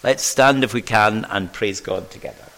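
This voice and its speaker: A man preaching a sermon at a church service, earnest and measured, reading scripture aloud. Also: lowish voice, creaky, pushed and bright.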